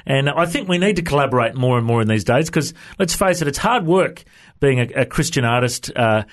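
A man's voice: mid-range voice, animated, brisk. A man hosting a radio show, chatty and jokey in a casual interview. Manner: chatty, jokey, says "mate" a lot. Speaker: radio host.

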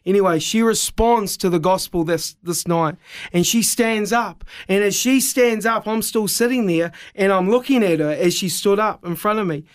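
Kiwi guy telling a story on radio, high voice, dramatic and self-mocking. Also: moderate pace. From New Zealand. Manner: lively, self-deprecating, dramatic. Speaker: evangelist guest.

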